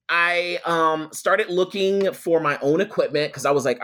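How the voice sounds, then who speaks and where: A young adult man, a guest telling a personal story with lively quoted voices. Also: fairly high pitch, measured pace, few pauses. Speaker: guest, photographer and attorney. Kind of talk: storytelling in a podcast interview.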